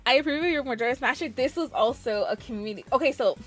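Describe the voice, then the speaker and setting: A young woman variety streamer chats casually with her viewers, gushing, giggling, and frequently restarting her sentences. Her voice sits high and moves fast, with faint music in the background.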